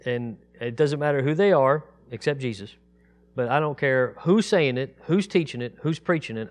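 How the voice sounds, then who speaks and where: A man teaching a Bible study, reading scripture aloud slowly and emphatically, then explaining it in a casual, conversational way. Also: mid-range voice. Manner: reads scripture aloud in a raised, slow, emphatic voice.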